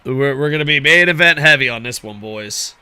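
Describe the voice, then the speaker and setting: A man giving casual, excitable video game commentary, swearing constantly and talking to his viewers as "boys.". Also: medium pitch, brisk, clear, resonant tone, no room sound. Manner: excitable, heavily profane, addresses viewers as boys. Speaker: gaming commentator.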